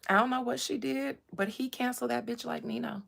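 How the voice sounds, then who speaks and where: A woman hosting a casual chat about astrology and gossip, animated, swinging from low murmurs to loud bursts. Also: brisk, creaky. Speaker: host.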